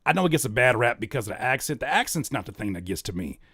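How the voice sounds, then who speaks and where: A man hosting a music reaction video, talking casually with animated, sarcastic disbelief. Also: mid-range voice, quick pace, breathy edge, no echo, clean studio sound. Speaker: rapper and YouTube reaction host.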